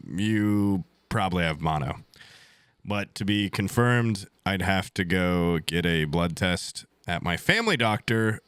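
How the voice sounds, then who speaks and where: A young man chats on his stream, tired and low on energy but quick to grow exasperated, with lots of swearing as he tells a story. His voice is bright and smooth. The sound is dry and close. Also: no room sound. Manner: profane, exasperated, mimics others in a high voice. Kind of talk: casual storytelling.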